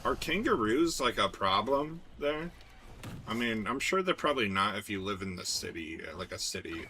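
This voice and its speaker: A man's voice: lowish voice, expressive, moderate pace, bright, forceful tone, slight background noise. A man chatting casually with his stream viewers, rambling and laid-back, with lots of filler words and swearing. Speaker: game streamer.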